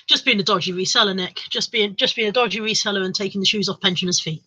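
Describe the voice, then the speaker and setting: A woman's voice: medium pitch, fast talker, sharp tone, low-quality recording. A woman chatting casually on a livestream, reading out viewers' comments and joking around. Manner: chatty, jokey, laughs often. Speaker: livestream host.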